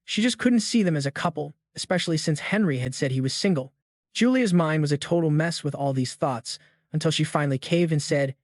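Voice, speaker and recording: A man tells a comic recap story in loose, slangy narration. His voice sits a little high for a man, and the sound is dry and close. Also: expressive, a little fast, no room sound. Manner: slangy, casual.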